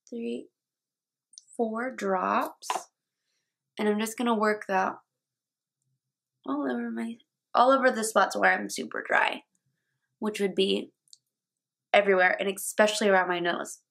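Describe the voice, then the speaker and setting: A woman's voice: medium pitch, fairly even intonation, moderate pace, gravelly, long pauses, a bit bright. A young woman chatting casually through her makeup routine at home as a beauty vlogger, tripping over words now and then and laughing them off. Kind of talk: makeup tutorial talk-through. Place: home, indoors.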